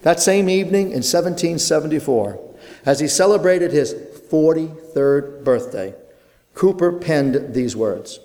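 A man preaching an earnest sermon in a church, with rhythmic phrasing and dramatic pauses. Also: on the high side, expressive, dark tone. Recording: long hall reverb.

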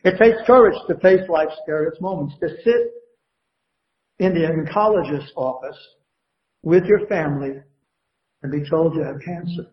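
A man's voice: fairly high pitch, normal speed, long pauses, reverberant, dull audio. A man preaching a sermon to a congregation, building emphasis and asking the crowd questions. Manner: preaching with rising emphasis and call-and-response questions. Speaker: pastor. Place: church sanctuary.

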